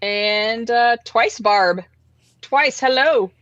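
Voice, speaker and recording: A woman's voice: a little high, very slow, fairly bright tone, no echo, soft background music. A woman hosts a casual livestream show. She is chatty, laughs easily and fills her talk with ums and uhs. The sound is dry and a bit dull, like a lo-fi home setup. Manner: chatty, laughing often, many fillers. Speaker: host.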